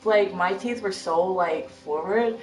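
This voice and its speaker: A woman's voice: mid-range voice, takes it slowly. A woman in a casual family chat, telling rambling stories with frequent giggles. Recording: distant and echoey.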